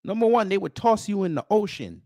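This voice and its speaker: Animated male host, slangy and scolding, lively pitch, dry close sound. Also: a little fast, dry recording. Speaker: commentary channel host. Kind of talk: heated reaction commentary.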